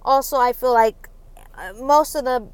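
A woman's voice: high-pitched, a little slow, clear, resonant tone, dry recording. A young woman hosting a solo podcast, rambling through personal stories with many ums and nervous little laughs. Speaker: podcast host. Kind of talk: casual solo podcast confession.

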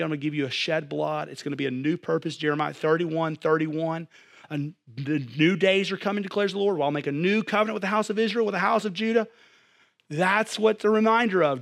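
A young adult man preaching a sermon, animated, swinging from loud to hushed. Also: on the high side, creaky. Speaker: pastor.

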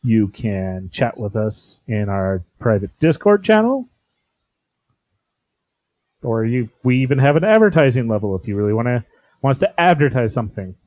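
A man's voice: medium pitch, expressive, moderate pace, darkish tone, no room sound. A man hosting a podcast in casual chat, stammering and repeating words, on a dull lo-fi mic. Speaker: podcast host.

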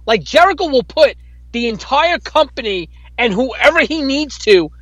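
A man's voice: extremely high pitch, animated, normal speed, fairly bright tone, no echo, low-quality recording. A man co-hosting a casual podcast, arguing his point emphatically and swearing often. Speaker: podcast co-host. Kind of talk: casual wrestling chat.

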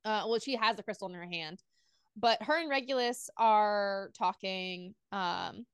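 A young woman co-hosting a casual book club podcast, rambling excitably with lots of fillers and reading passages aloud. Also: mid-range voice, a little slow, smooth, dry recording, studio quality.

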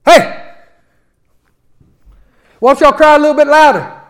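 A man acting out a mocking male prophet who taunts his rivals loudly. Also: high voice, animated, racing. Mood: taunting. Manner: loud, teasing taunts.

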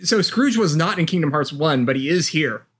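A man's voice: fairly high pitch, lively intonation, normal speed, fairly bright tone, slightly rough. A man co-hosting a casual gaming podcast, sardonic and swearing freely. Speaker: podcast co-host.

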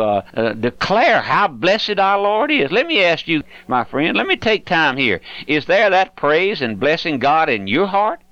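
An older man with a drawl delivers a radio sermon, pleading and fervent, his pitch swinging widely. The sound is dry and somewhat dull and lo-fi. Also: fairly bright tone, no echo. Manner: fervent, pleading, addresses listener as my friend. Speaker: radio preacher.

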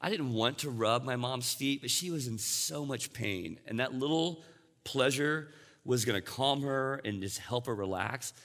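A man preaching with a bright, forceful voice that rings out through a long hall reverb. He talks to his congregation casually and keeps checking in with them as he goes. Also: mid-range voice, unhurried. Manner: conversational, checks in with "all right?" and "you know". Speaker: pastor. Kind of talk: sermon.

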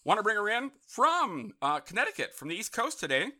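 A man hosting a live talk radio show from a studio, chatty and upbeat, with quick asides and self-amused jokes. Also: high voice, big pitch swings, sharp tone. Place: Los Angeles studio.

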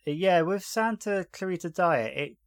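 A man's voice: high voice, expressive, a little slow, no echo. A man hosting a casual podcast, chatting about a TV series episode and retelling scenes with frequent laughs. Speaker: podcast host.

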